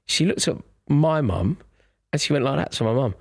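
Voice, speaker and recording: A man's voice: mid-range voice, expressive, moderate pace, gravelly, a little mellow, slightly rough, dry recording, clean studio sound. A man in his thirties, a podcast co-host chatting casually with wry, self-deprecating humor. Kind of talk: casual chat.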